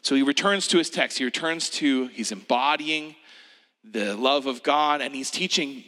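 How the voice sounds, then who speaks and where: Man, gentle reflective preacher: bright tone, hushed delivery, lots of reverb. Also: medium pitch, moderate pace. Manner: gentle, hushed, drops to a whisper. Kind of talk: reflective sermon, guided meditation.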